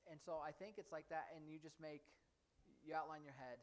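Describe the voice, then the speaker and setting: A man's voice: a little high, fairly even intonation, a little fast. A man teaching an informal sign language class in a church classroom, taking students' questions one by one and thinking aloud as he explains each sign. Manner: easygoing, answers students by turns, thinks aloud.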